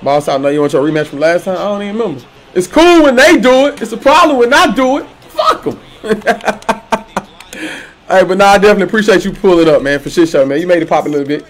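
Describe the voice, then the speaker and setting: A man streaming a football video game, trash-talking his opponent loudly with slang, swearing and laughter. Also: high-pitched, animated, quick pace. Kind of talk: trash-talking gameplay commentary.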